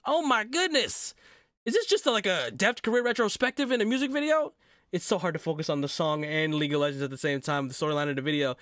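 A man hosting a music video reaction, excitable and quick to shout, with nerdy asides about the game. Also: fairly high pitch, no room sound, clean studio sound. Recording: loud music playing behind the voice.

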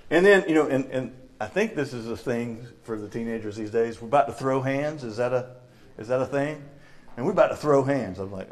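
A man's voice: medium pitch, expressive, a little fast. A middle-aged man with a Southern US accent preaching a church sermon, telling stories from his childhood and acting out the people in them. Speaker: lay preacher. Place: church sanctuary.

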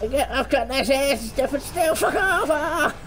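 A woman host giving foul-mouthed, excitable let's play commentary, shouting insults at the game. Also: high-pitched, normal speed, a little hiss or hum, low-quality recording. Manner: excitable, frequent panicked outbursts. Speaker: gaming channel host.

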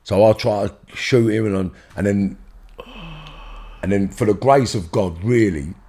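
A man's voice: fairly low pitch, a little slow, warm tone, slightly rough. A man with a London accent tells a story in a podcast interview. His manner is blunt, his speech is full of swearing, and his voice leaps up whenever he acts out heated arguments. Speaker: interview guest.

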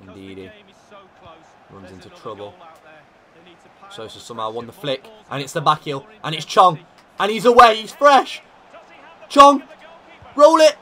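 Bright-voiced excitable young Englishman. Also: medium pitch, normal speed, long pauses. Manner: excitable, shouting at big moments, dry asides. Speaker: gaming YouTuber. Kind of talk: commenting over a football video game.

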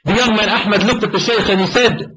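A man's voice: high voice, a little fast, bright, forceful tone, rough recording. A male preacher telling a dramatic story in a sermon, emotional and acting out the voices. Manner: emotional, dramatic retelling with acted quotes.

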